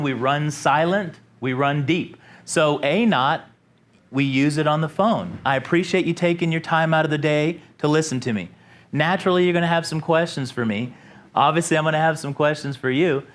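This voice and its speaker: Upbeat sales-trainer man, a bit high-voiced, acts out customers, quizzes the room. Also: normal speed. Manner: animated, acts out customers in a raised voice; asks the room questions. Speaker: company president giving a sales training talk. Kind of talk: informal sales training presentation.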